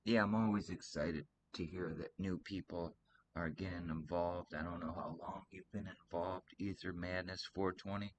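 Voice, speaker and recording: A man's voice: low-pitched, fairly even intonation, moderate pace, slight background noise. A man from Michigan hosting a casual livestream chat, rambling earnestly and teasing his co-host. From Michigan, USA.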